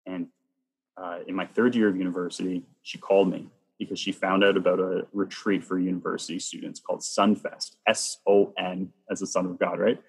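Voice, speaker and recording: A man from Canada with a very deep, husky voice recounts his personal testimony as an interview guest. He tells it in a lively way and acts out the lines people said to him. His voice rings with a long reverb, as if recorded in a large room. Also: a little fast, hardly any pauses. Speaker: guest sharing his faith story.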